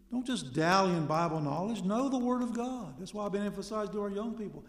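High-voiced preacher in an echoey hall. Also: male voice, animated, brisk, few pauses. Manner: conversational preaching with rhetorical questions and sudden loud emphasis. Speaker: pastor. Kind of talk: sermon. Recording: echoey hall with long reverb.

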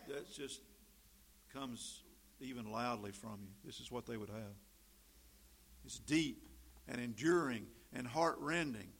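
A middle-aged man preaching a sermon, swinging from loud emphatic stresses to quiet asides. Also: mid-range voice, breathy edge. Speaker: pastor.

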